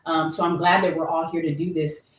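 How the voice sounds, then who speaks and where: A woman's voice: sits low, flat delivery, a little fast. A woman musician and youth educator introducing her songs at a concert, speaking in an earnest, reflective way. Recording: roomy sound from a distant mic with faint guitar.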